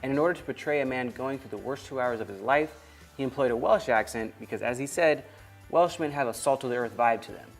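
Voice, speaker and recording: A man's voice: medium pitch, fast talker, faint music behind. Casual American male host. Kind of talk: casual chat.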